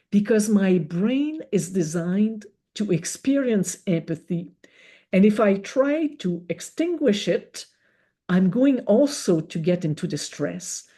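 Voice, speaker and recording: Woman, webinar educator; slow, mellow, methodical. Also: medium pitch. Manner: slow, measured explaining with rhetorical examples. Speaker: webinar speaker. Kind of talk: educational talk.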